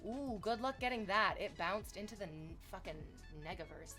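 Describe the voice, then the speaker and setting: A young woman chatting casually on a live stream, excitable and swearing freely. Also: medium pitch, moderate pace, hardly any pauses, soft background music. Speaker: livestreamer.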